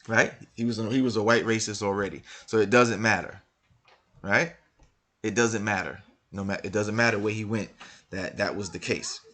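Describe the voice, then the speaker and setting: A man's voice: fairly low pitch, fairly bright tone. A man reading passages from a book aloud and commenting on them, hammering his points with repeated rhetorical questions. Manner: argumentative, many restarts. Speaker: religious commentator.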